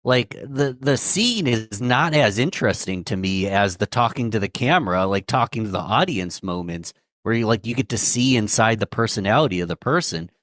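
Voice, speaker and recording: A man's voice: fairly low pitch, expressive, moderate pace, few pauses, a bit bright, dry recording, studio quality. A man hosting a podcast, talking in a reflective, loosely phrased way as he steers the conversation. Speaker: podcast host. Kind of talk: casual interview chat.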